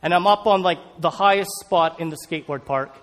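Man preaching through a story, lively high voice, animated, long hall reverb. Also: fairly quick. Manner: animated, acts out scenes. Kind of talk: storytelling sermon.

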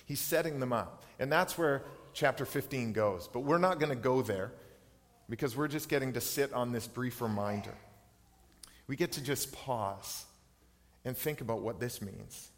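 A man's voice: medium pitch, normal speed. 30s guy pastor giving a sermon, earnest and personal, long echo from the hall. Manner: earnest, personal, reflective preaching.

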